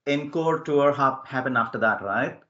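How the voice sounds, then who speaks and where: A man's voice: mid-range voice, bright, forceful tone. Eager male podcast host, muffled audio. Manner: eager, quick affirmations. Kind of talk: casual interview chat.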